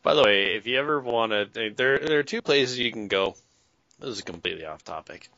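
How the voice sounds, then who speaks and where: A man's voice: lowish voice, lively intonation, brisk, sharp tone, no room sound. A man in casual chat, blunt and rambling, swearing now and then. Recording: dull dry lo-fi sound.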